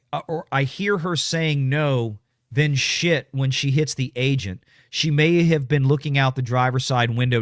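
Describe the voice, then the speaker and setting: A man's voice: mid-range voice, fairly bright tone, no room sound, clean studio sound. A man hosts a casual political commentary livestream, blunt and ranting as he reads viewer comments. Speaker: show host reading super chats.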